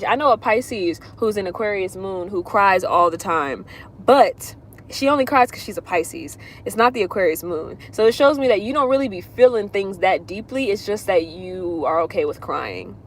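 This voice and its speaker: Fairly low in pitch, this woman's voice comes with a little hiss or hum. She's an astrologer on a livestream doing readings, casually answering questions from viewers while drifting in circles.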